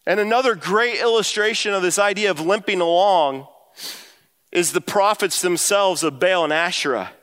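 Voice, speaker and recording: Male pastor, high voice, animated sermon delivery, big reverberant church hall. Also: normal speed, clear, resonant tone. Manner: animated, rising pitch when quoting and emphasizing.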